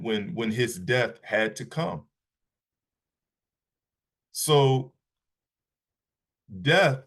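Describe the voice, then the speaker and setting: A man's voice: mid-range voice, a bit bright. A man giving a Shabbat Bible lesson, reading scripture aloud and often restarting his sentences. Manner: halting, repeats words, reads scripture aloud slowly. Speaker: Bible teacher.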